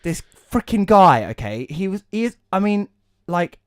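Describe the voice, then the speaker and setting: A man co-hosting a casual podcast chat, ranting in an animated way and swearing a lot. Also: sits high, normal speed, clear, resonant tone, dry recording. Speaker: podcast co-host. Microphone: podcast mic.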